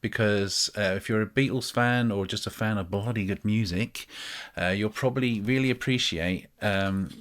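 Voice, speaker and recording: A British man chatting casually to camera as a music vlogger, rambling and self-mocking, with many ums. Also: on the low side.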